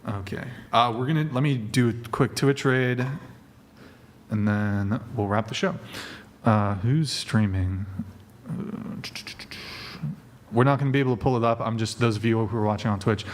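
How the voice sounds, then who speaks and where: A man's voice: on the low side, slight background noise. A man hosting a live stream, ranting casually with heavy swearing and frequent laughter. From Italian heritage. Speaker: host.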